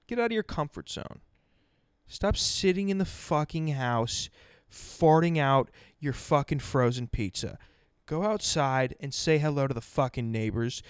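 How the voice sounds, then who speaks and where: A man's voice: on the high side, smooth, dry recording. A man hosting a podcast, ranting bluntly and sarcastically, swearing constantly. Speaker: podcast host. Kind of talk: profane ranting monologue.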